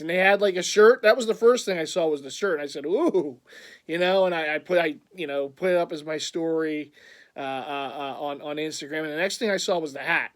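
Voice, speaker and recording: A man talks in a casual vlog, his voice sitting high for a man. He rambles and gets excited easily, breaking into frequent laughter. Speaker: vlogger.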